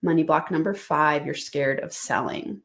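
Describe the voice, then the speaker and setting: A woman's voice: low voice, moderate pace, gravelly, a bit bright. Upbeat woman coaching listeners. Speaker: podcast host and business coach. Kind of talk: motivational solo podcast.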